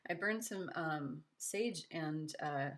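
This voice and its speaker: A woman giving a casual tarot reading to camera, chatty and gushing with many fillers, her voice raspy from smoke. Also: deep voice, extremely slow. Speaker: tarot reader.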